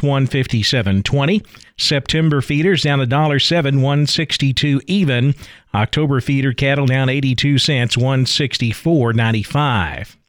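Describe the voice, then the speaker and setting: Steady male farm market anchor, dry. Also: a little high, no echo. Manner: brisk, steady reading of prices. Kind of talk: scripted radio market report.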